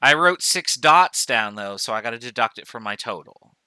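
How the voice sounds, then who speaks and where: At normal speed, a male chemistry professor lectures on a recording in an animated, medium-pitched voice that's very bright, crisp and smooth. He verbalizes each step, enumerating items and amending what he says along the way. The recording is dry and close-miked.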